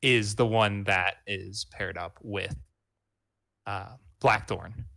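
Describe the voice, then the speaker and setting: Bright, low-ish man explaining plot points. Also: fairly even intonation, slow pace, creaky, no echo, studio quality. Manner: explaining, hesitant restarts. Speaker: podcast co-host. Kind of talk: casual book club chat.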